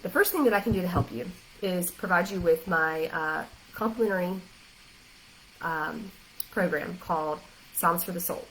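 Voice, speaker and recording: A woman's voice: lowish voice, normal speed, a bit bright, a little hiss or hum, poor audio. A woman life coach giving a faith-based encouragement talk, earnest, direct and emotional.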